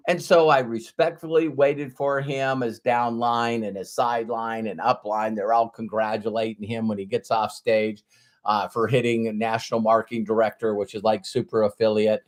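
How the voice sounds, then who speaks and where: A man, a business coach, telling a motivational story in a casual, animated way, often restarting and repeating words. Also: medium pitch, moderate pace.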